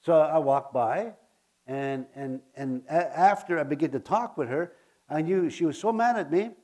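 Male preacher, slightly high voice, earnest, stumbles and repeats himself mid-sermon. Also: animated, darkish tone. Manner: earnest, halting, often repeats words.

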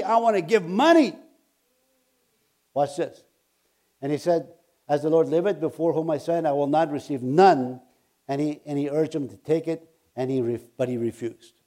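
A man delivers a sermon, reading scripture and then explaining it in a casual, animated way. His voice sits fairly high but sounds soft and mellow. He punctuates points with loud bursts and quick checks with his listeners. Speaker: preacher.

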